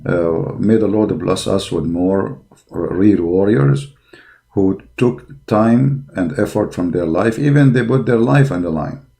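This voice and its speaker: Low, slow and warm, with vocal fry, this man's voice carries a blunt, scornful religious monologue. The religious polemic commentator argues combatively in emphatic, grammatically broken English.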